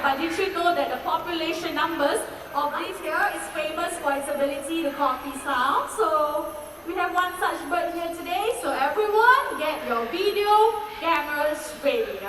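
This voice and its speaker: A woman's voice: very high voice, slight background noise. A woman presenting a live bird show to an audience, chatty and playful as she coaxes the birds along. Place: outdoor bird show amphitheatre. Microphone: PA microphone heard from a phone in the audience. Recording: loud PA echo, recorded from far off.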